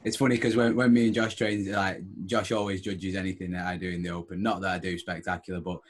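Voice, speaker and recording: A man's voice: sits low, little pitch movement, quick pace, slight background noise. A man hosting a podcast, asking rambling questions in a casual chat and laughing easily. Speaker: podcast host.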